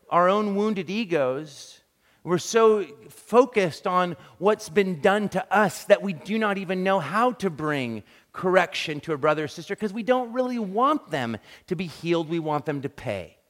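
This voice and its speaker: A man preaching a sermon, telling animated, self-deprecating stories and acting out quick quotes. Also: sits high. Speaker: pastor. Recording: long reverb of a large hall.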